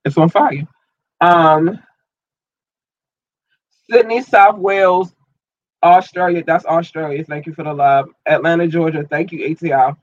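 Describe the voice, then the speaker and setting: A man hosting a podcast and online radio show, rambling casually and slangily through listener shout-outs while his eye is irritated and tearing up. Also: on the high side, steady tone, a little slow, long pauses, no room sound, highs cut off. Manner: loose, rambling, slangy, repeats himself.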